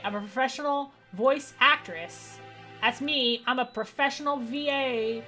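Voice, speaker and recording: A woman's voice: high-pitched, measured pace, pushed and bright, faint music behind. A young woman streaming a let's play, commenting in a playful, self-mocking way.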